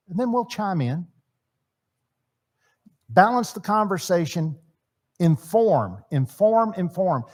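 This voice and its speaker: A middle-aged man teaching at a church marriage seminar, talking conversationally and acting out bits of dialogue. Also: high voice. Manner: conversational, acts out quoted dialogue, repeats words.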